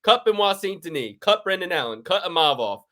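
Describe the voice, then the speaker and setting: A man's voice: sits high, big pitch swings, brisk, sharp tone. A man co-hosting a casual podcast chat, ranting and mocking with plenty of profanity. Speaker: podcast co-host.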